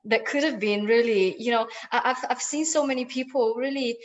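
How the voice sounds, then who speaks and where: A woman's voice: a little high, normal speed, dull audio. Affirming woman podcast host. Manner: warm, affirming listener. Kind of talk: casual interview chat.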